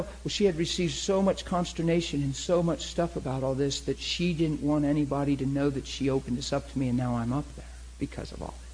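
A middle-aged man delivers a sermon as a story, his voice slightly husky and pitched a little high. He acts out each side of the conversations with animation. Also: a little fast, hardly any pauses, low-quality recording. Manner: animated, acts out both sides of dialogue. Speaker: preacher.

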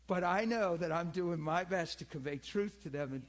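A man teaching in a church in an animated, earnest way, often asking his listeners to agree with him. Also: normal speed. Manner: animated, acts out people in high pleading voices; earnest, repeats himself, asks listeners for agreement. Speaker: pastor and teacher.

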